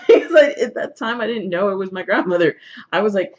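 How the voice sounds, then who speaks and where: A woman's voice: mid-range voice, sing-song, normal speed, pauses often, darkish tone. A woman vlogger with a sore throat, casually telling a personal story to camera, rambling with many fillers and restarts. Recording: dull lo-fi recording.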